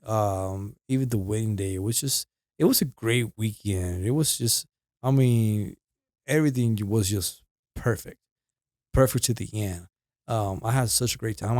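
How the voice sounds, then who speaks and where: A man's voice: lowish voice, a little mellow, dry recording, clean studio sound. A man chatting casually on a podcast, easygoing, with frequent fillers and laughs. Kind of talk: casual chat.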